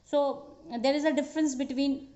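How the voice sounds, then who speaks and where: A woman teaching a recorded school grammar lesson, slow and patient, with frequent fillers and restarts. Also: high voice, steady tone, mellow. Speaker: English teacher. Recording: dull echoey room recording.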